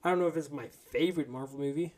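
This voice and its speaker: A man's voice: on the high side, quick pace, darkish tone. A man hosting a podcast in casual chat, teasing his guest in a dry way. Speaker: podcast host.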